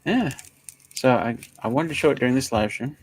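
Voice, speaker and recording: A man co-hosting a casual livestream, joking and telling stories in a lively way. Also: mid-range voice, fairly quick, slightly rough, no echo. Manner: joking, storytelling, animated. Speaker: livestream co-host.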